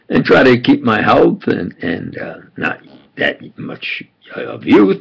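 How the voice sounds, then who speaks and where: An older man with a thick New York accent reminisces aloud, his voice heavy with gravel and a husky edge. He wanders and repeats himself, Italian his first language. The recording is dull and lo-fi. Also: medium pitch, a bit bright. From New York, USA. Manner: meandering, repeats himself, chuckles while reminiscing. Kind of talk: rambling personal monologue.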